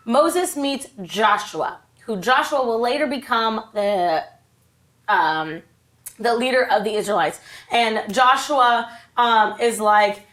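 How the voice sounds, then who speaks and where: A woman's voice: a little high, lively intonation, slow, a bit bright. A woman teaching a children's church lesson, retelling a Bible story in a bubbly, chatty way with playful asides.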